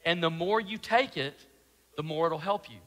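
A man preaching a sermon as pastor, animated and full of rhetorical questions, sometimes dropping to a soft, low voice. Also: moderate pace, in a large hall, low-quality recording.

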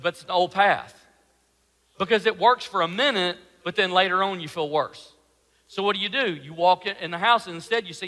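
Man, pastor, sermon; very high, bright voice, rhetorical, long hall reverb. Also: a little fast. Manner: animated preaching, rhetorical questions, drops to a soft low voice.

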